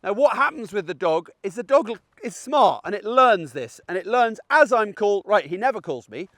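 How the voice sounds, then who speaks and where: A man's voice: high voice, sing-song, moderate pace, fairly bright tone, no room sound, clean studio sound. A middle-aged man, a dog trainer, explaining recall training in a chatty, conversational way while out on a walk. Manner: chatty and explanatory, checks in with "okay?". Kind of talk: outdoor training tutorial. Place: outdoors in a field on a dog walk.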